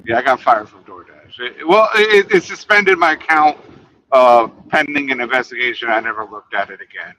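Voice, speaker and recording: A man chatting casually, rambling through a story, his voice fading quietly at the ends of his sentences. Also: mid-range voice, lively intonation, moderate pace, poor audio. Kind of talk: casual chat.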